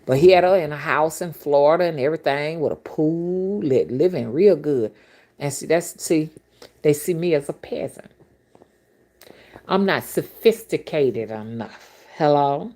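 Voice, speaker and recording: Woman rootworker, deep low voice, chatty and blunt, tells stories straight to camera. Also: lively intonation, measured pace, mellow. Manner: blunt, colorful, exclamatory storytelling with asides to viewers. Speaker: rootworker and spiritual reader. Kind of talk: casual storytelling to camera.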